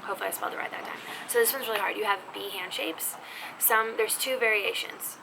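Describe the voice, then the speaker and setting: Woman doing a chatty sign lesson at home, gravelly voice, kinda noisy recording, slips into whispers. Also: medium pitch, fast talker. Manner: chatty, self-teasing, drops to whispers. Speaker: sign language teacher. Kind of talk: casual video lesson. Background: neighbor's music faintly heard.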